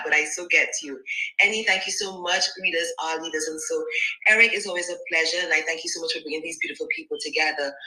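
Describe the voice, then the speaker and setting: A woman speaking as a guest on a group call, her voice bright and crisp. She is gracious, thanking the other speakers by name. Her voice carries a roomy echo. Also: lowish voice. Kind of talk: casual call remarks. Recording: echoey room.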